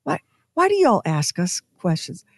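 Animated middle-aged woman radio co-host. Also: lowish voice, normal speed, breathy edge, dry recording, studio quality. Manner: animated, acts out quotes in exaggerated voices, self-mocking. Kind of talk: casual storytelling on morning radio.

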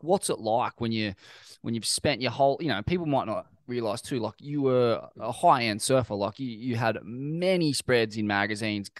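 A man's voice: mid-range voice, no echo, clean studio sound. A man with an Australian accent hosting a casual interview, asking rambling, laid-back questions with some swearing. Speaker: interview host.

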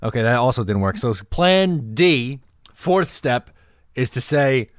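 A man hosting a casual sports podcast, relaxed and conversational, laughing easily. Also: medium pitch, measured pace, no echo, clean studio sound. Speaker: podcast host.

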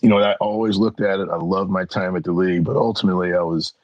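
A middle-aged interview guest tells casual stories in an animated way, acting out the voices of the people in them. His voice is low-pitched and fast, and the recording is muffled but free of echo.

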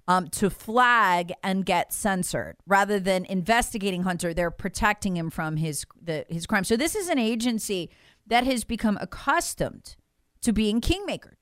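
A woman's voice: mid-range voice, fairly bright tone, no room sound, clean studio sound. Emphatic woman political commentator. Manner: indignant, emphatic, mocks quoted officials. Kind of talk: political talk show commentary.

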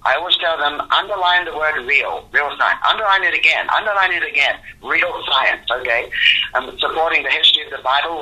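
A man's voice: medium pitch, sharp tone, breathy edge, low-quality recording. An older man, the founder of a religious museum ministry, answering interview questions in an earnest, devout and rambling way.

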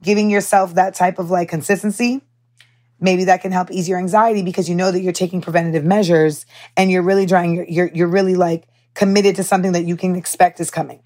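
A woman's voice: on the low side, a little fast. Chatty young woman podcaster. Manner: candid, animated storytelling with profanity and many fillers. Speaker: podcast host. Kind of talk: casual chat.

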